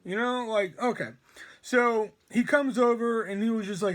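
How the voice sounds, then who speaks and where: A man with a noticeably high-pitched voice tells a long story in a loose, rambling way. He swears constantly and leans hard on his words for emphasis. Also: normal speed. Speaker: storytime vlogger. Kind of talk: casual storytelling rant.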